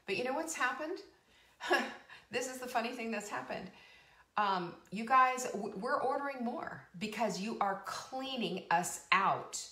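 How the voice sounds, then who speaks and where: A woman in her fifties hosts a live cooking and wellness show, her fairly high voice animated, pushed and bright at a normal speed. Her casual live-stream chat is bubbly and rambling, with frequent laughs and emphatic repeats, and the room echoes.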